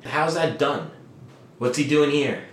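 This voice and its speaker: A man's voice: fairly high pitch, slow pace, a little hiss or hum. Emphatic man teaching in an echoey room. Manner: emphatic, acts out quoted lines, asks rhetorical questions. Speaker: Bible study leader. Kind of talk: conversational Bible teaching. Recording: echoey room, distant mic.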